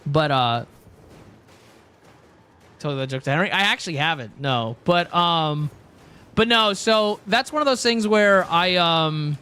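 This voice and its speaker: High-voiced man rambling to his stream chat. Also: expressive, a little slow, long pauses, sharp tone, clean tone. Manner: rambling, joking, talks to chat. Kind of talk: casual live-stream chat.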